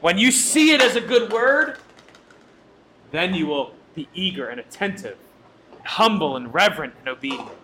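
Bright, high-voiced preacher man. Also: sing-song, normal speed, a little hiss or hum. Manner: earnest, emphatic preaching with repeated phrases. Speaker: pastor. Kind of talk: sermon.

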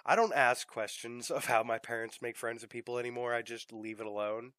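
A man's voice: medium pitch, steady tone, fairly quick, a bit bright, no room sound. A young man hosting a casual podcast chat, rambling with fillers and the odd swear word. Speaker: podcast host.

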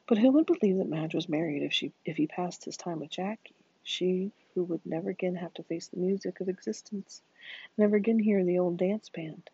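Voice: mid-range voice, brisk, mellow, breathy edge, no room sound. A narrator reading a novel aloud in a dramatic way, often dropping into whispers, in a dull lo-fi recording. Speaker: audiobook narrator.

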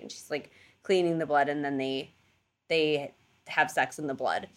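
A woman telling a story in casual chat, animated, full of fillers and casual swearing, acting out voices for the people in it. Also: lowish voice, moderate pace. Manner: animated storyteller, acts out quoted gods in playful voices.

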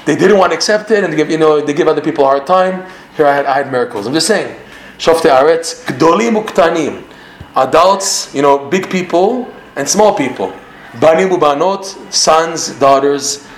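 A man with a Canadian accent teaching a Torah class in an animated way, quoting Hebrew lines and then translating them. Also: a little high, roomy sound, slight background noise.

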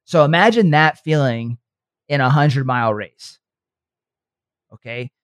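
A man in a motivational podcast talk, speaking earnestly like a coach and pausing to check that his listener follows. His voice sits at an ordinary middle pitch and is recorded close and dry, with no room around it. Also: a bit bright, no echo. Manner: earnest, coaching, checks in with frequent "okay" and "right".

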